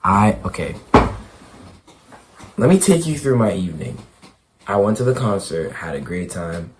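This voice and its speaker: A young man with a hoarse, worn-out voice, vlogging casually about basketball. He stammers and repeats himself, and his voice swings from quiet to loud. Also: fairly low pitch, big pitch swings, unhurried, a little hiss or hum. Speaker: basketball YouTuber. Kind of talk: excited casual vlog.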